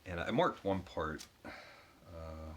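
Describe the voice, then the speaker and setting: Deep-voiced man reviewing a book. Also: lively intonation, background noise. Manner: halting, retells the story with frequent restarts.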